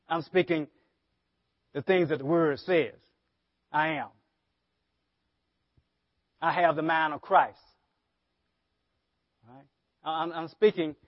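A man's voice: a little high, dry recording. A man preaching a sermon as pastor, often asking the congregation rhetorical questions. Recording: dull lo-fi sermon audio.

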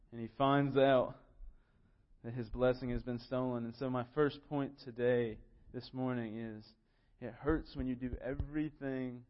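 A man's voice: medium pitch, highs cut off. A man in his twenties preaching a sermon in a church, reading scripture and telling stories with earnest, self-deprecating humor. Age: 20s. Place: church sanctuary.

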